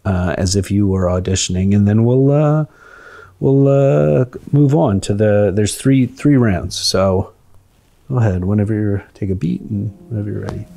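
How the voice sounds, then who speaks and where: A man's voice: on the low side, normal speed, vocal fry, warm tone. A man hosting a comedy podcast, running playful games with his guest in casual chat. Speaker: podcast host.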